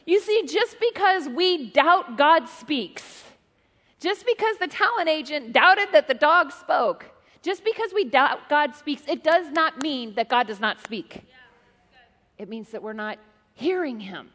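Middle-aged female pastor, high voice, lively joking sermon, long hall reverb. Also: a little slow. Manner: animated, joking storyteller. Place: church hall.

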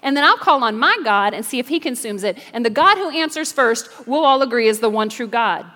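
A woman's voice: fairly high pitch, expressive, fairly quick, pushed and bright. A woman voicing a bold, confident male prophet as she tells a story in a sermon, speaking in a brash, cocky way. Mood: taunting. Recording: long reverb of a large church hall.

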